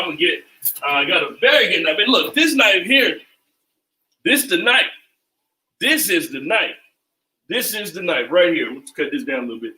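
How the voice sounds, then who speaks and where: A man's voice: on the high side, pushed and bright. A man hosting a casual cooking livestream from his home kitchen, talking loosely and repeating phrases like a chant. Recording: echoey kitchen, mic at a distance.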